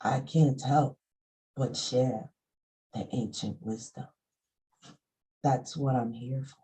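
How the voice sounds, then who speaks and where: A woman's voice: extremely low pitch, steady tone, slow pace, dark tone, poor audio. A middle-aged woman vlogging about essential oils in a folksy, conversational teaching monologue, now and then breaking into emphatic outbursts. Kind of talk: casual spiritual teaching monologue.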